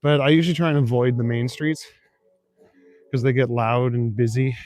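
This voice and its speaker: Clean studio sound with no echo carries this young man's medium-pitched, moderately paced voice. Originally from Northern Ontario, Canada, he chats casually with his live stream viewers as he walks city back streets at night. He's relaxed, casually swears, and reads and answers the chat.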